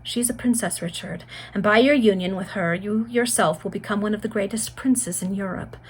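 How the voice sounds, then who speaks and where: A woman's voice: mid-range voice, fairly quick, slightly rough, close to an everyday voice. A woman voicing a tender, prophetic dying young woman in a read-aloud gothic story, with an earnest, fervent delivery.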